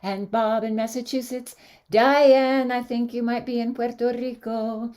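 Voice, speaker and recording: A woman's voice: on the high side, unhurried. A woman hosting an online sing-along show, cheerfully greeting viewers by name. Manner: cheerful, animated greeter listing names. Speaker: host. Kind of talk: warm online greetings, casual chat.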